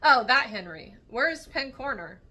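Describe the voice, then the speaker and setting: A woman's voice: high voice, animated, measured pace, sharp tone, voice pushed up, exaggerated voice. A woman voicing a shy, guarded young woman who speaks hesitantly, in a storybook reading. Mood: uneasy. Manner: hesitant, unsure.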